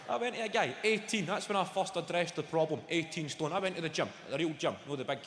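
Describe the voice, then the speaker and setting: A man's voice: sits high, fast, few pauses, very noisy. Brash Scottish man onstage in echoey hall. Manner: brash, sweary storytelling. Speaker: stand-up comedian. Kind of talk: stand-up comedy set. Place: large venue stage. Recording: echoey hall with loud audience ambience. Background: audience laughter.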